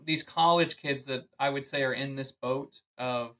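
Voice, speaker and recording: A man's voice: mid-range voice, normal speed, hardly any pauses, bright, forceful tone, rough recording. A man who coaches golf, giving earnest, emphatic advice in a podcast conversation. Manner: earnest, emphatic advice with frequent "I mean" and "you know".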